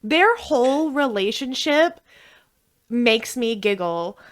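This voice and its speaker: A woman co-hosting a podcast in casual chat, telling stories in an animated way and swearing a lot. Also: fairly high pitch, slow pace. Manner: animated, swearing, laughing storyteller. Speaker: podcast co-host.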